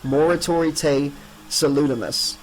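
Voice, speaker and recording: A man voicing an eerie little girl who sings slowly and sweetly, drawing out the words. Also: fairly high pitch, faint music behind, natural voice, poor audio. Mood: eerie singsong. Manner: slow, drawn-out singsong.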